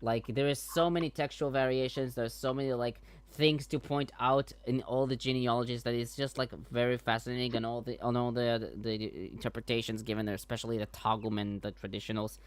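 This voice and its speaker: A man co-hosting a relaxed online panel, rambling through his points with stops and restarts. His voice sits at an ordinary middle pitch. The sound is dry and close, with no room echo. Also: brisk, hardly any pauses, clean tone. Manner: rambling, many restarts and fillers. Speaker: co-host. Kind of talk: casual panel chat.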